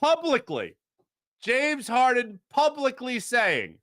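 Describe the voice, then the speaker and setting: A man hosting a sports talk show, ranting with strong opinions and swinging between low grumbles and loud outbursts. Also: expressive, normal speed, no echo, clean studio sound. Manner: mocking put-on fan voice at times. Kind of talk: opinionated sports radio rant.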